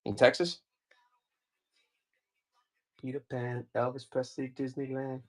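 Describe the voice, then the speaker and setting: A man in his forties chats loosely while he runs a live comic auction. His voice sits in an ordinary middle pitch, and he wanders from thought to thought, full of "like" and "you know". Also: level tone, slow. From United States. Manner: rambling and chatty, many fillers. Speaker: live-stream comic seller. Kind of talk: casual live-stream auction chat.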